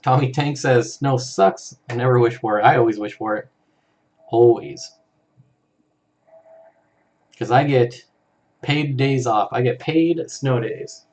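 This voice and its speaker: A man's voice: medium pitch, slow, long pauses, darkish tone. A man hosting a casual live stream, reading out viewer comments in an easygoing way and chuckling often. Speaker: live-stream host for an aquarium channel.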